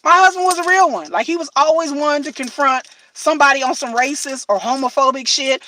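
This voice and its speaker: A middle-aged woman chatting casually on a livestream, telling lively stories, acting out what people said and swearing freely. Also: high voice, fairly quick, hardly any pauses, distant mic, poor audio. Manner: animated storytelling, acts out quotes, swears freely. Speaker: livestream host. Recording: voice slightly off-mic, faint noise.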